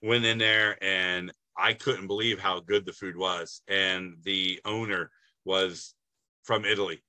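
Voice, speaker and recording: A man with a low voice and a forceful, punchy edge, appearing as a podcast guest. He tells his stories in an animated way, and the recording is dry and close to the mic. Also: takes it slowly, no room sound, low-quality recording. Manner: animated storyteller. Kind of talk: casual podcast chat.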